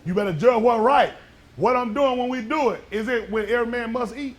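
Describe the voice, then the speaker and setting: High-voiced joking preacher man. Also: brisk. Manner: folksy, joking preacher who quizzes the congregation. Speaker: pastor. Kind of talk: sermon with call and response.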